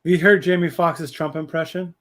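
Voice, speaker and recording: A man co-hosting a podcast in casual chat. He laughs often and slips into quick impressions. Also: a little high, steady tone, a bit bright. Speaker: podcast co-host.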